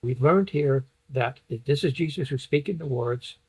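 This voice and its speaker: Husky-voiced man teaching a Bible study. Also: medium pitch, a little slow, darkish tone, poor audio. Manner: explains point by point, reads passages aloud. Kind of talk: Bible study lesson with slides.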